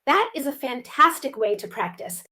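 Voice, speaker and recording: A woman's voice: high-pitched, big pitch swings, normal speed, pushed and bright. A woman co-hosting a lesson for English learners, eagerly asking questions about the story. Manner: curious and eager, asks many questions. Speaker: co-host.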